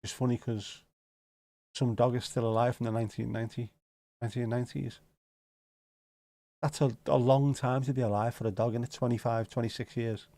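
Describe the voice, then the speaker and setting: A man's voice: mid-range voice, level tone, a little fast, pauses often, mellow, no echo. Rambling, jokey Scouse man on a livestream. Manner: rambling and jokey, swears casually. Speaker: livestream host. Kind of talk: casual livestream chat, answering viewer comments.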